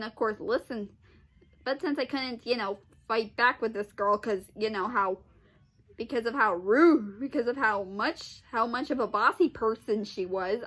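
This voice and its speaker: A woman with a high, bright voice rambles through a personal story for her vlog. She restarts her sentences often and lets out sighs and exasperated groans along the way. Her tone sounds sharp and forward, and she keeps her delivery casual. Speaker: vlogger.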